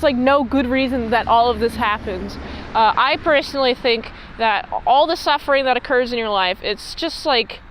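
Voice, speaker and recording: High-voiced woman rambling through a recap. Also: a little hiss or hum, low-quality recording. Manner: rambling, filler-heavy chat. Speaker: show reviewer. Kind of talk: casual episode recap.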